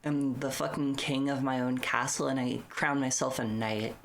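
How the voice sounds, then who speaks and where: A woman's voice: very deep voice, level tone, moderate pace, slight background noise. A woman streamer chatting casually on a live stream, blunt, profane and teasing.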